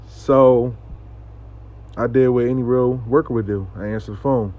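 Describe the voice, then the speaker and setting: A man talks through a story in a loose, profane, conversational way, voicing the people in it as he goes. His pitch sits in the middle range, and the recording sounds dull and lo-fi. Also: fairly even intonation, moderate pace. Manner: profane, conversational, acts out dialogue. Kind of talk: casual storytime monologue.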